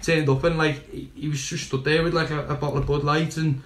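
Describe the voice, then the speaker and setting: A young man tells a long story, rambling and full of restarts, his voice sitting a little high and level with little rise and fall. The room around him is echoey. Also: little pitch movement, quick pace, fairly bright tone. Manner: rambling, swears, laughs while telling. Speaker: guest. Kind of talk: casual storytelling.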